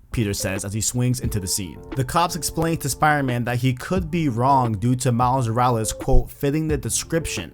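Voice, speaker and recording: Man casually recapping a story. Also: mid-range voice. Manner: casual and conversational, addresses viewers directly. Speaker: video host. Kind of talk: casual book recap commentary.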